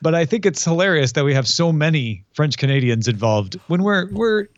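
A man co-hosting a casual podcast, summarizing a TV plot with dry asides. His voice sits a little high, and the recording sounds dull and dead dry. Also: expressive, normal speed, dry recording. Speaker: podcast co-host. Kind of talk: casual chat recapping a TV series.

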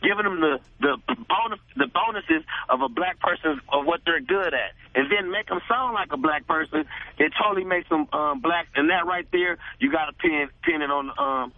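A high-pitched man calls in to a radio show over a tinny phone line. He speaks emphatically, in slangy speech, and hammers phrases again and again. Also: normal speed, no echo. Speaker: caller. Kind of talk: call-in radio talk.

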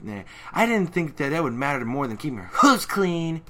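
A normally shy female cartoon pony gone catty, gossiping behind a friend's back, as a man puts her on. The voice is pitched up and bright, lilting and exaggerated. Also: big pitch swings, moderate pace.

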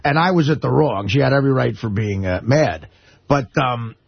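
A man co-hosting a radio talk show, talking in a halting, rambling way with many restarts. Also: medium pitch, animated, vocal fry, slightly rough, dry recording. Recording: dull, dry radio studio sound.

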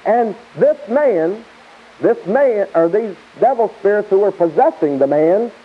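A man's voice: sits high, expressive, a little slow, slightly rough. A man teaching verse by verse from the Bible in a sermon, emphatic and repetitive, with chuckling asides, on a tinny lo-fi tape.

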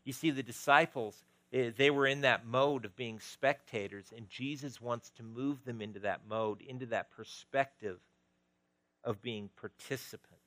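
A male pastor preaching a sermon, moving between loud emphasis and quiet, intimate stretches. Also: medium pitch, normal speed, no room sound, poor audio.

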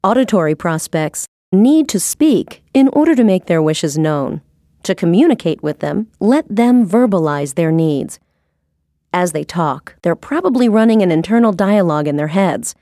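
A woman reading a scripted sales training narration in a measured, instructive way. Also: on the low side, lively intonation, mellow, no echo, studio quality.

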